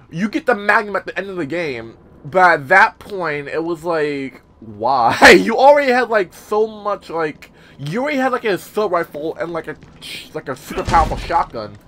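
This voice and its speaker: A young man casually commentating a horror game, rambling with many fillers, swearing, and sometimes yelling. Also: on the high side. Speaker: gameplay commentator. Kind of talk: casual let's-play commentary.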